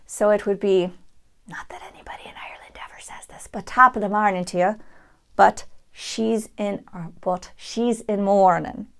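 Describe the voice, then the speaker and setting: A woman's voice: mid-range voice, fairly even intonation, normal speed, vocal fry, smooth. Woman teaching sounds. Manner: demonstrates sounds, switching in and out of an Irish accent. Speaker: accent coach. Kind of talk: dialect tutorial.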